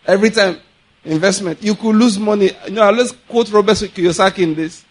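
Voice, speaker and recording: Give me a Nigerian male preacher with a slightly high voice, animated and laughing through his stories. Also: fairly quick. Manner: animated storytelling, laughs often, mixes in pidgin. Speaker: pastor. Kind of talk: sermon.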